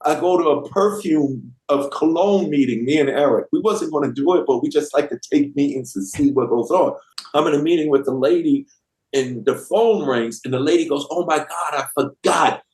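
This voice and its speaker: Fairly high-pitched and mellow, this man in his fifties talks at a moderate pace as a guest rapper telling an animated story. He leans on slang and voices the people he quotes, and the sound is roomy and echoey.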